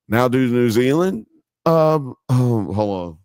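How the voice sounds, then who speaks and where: A man's voice: mid-range voice, slow, no echo. A man hosting a live stream, reading chat comments aloud in a casual, joking way with frequent laughter and swearing. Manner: animated, laughing, mock accents, swearing.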